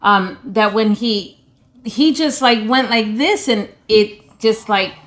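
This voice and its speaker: A woman's voice: on the high side, takes it slowly, a bit bright. A woman in her forties, a pastor's wife, talking casually with her husband, rambling with many restarts and repeated words. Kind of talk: casual chat.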